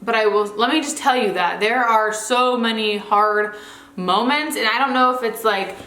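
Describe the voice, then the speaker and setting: A woman's voice: on the high side, moderate pace, sharp tone. A young woman vlogger chatting casually to camera at home, full of fillers and asides. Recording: roomy echo.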